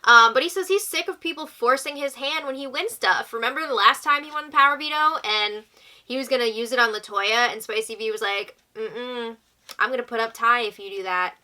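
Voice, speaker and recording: Bright, chatty young woman recapping. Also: fairly high pitch. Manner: chatty, exclaiming, quoting houseguests. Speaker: recap host. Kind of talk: casual reality-show recap.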